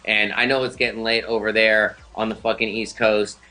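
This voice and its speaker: A man's voice: on the low side, little pitch movement, normal speed, pushed and bright. A man hosting a live-stream show, chatting casually, laid-back and profane, laughing often. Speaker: host.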